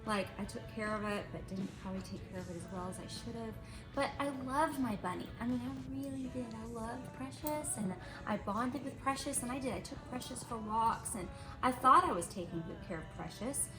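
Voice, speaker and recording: A middle-aged woman and mother telling a lively story in a casual vlog, repeating herself for effect. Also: fairly high pitch, fairly quick, reverberant, music in the background, poor audio. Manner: animated, repetitive storytelling. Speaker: mother and animal vlogger.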